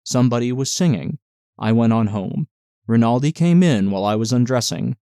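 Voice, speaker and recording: A male audiobook narrator reading a novel in a steady, measured way. His voice sits at a middling pitch. It is recorded close and dry, with no room sound. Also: clean tone, no echo.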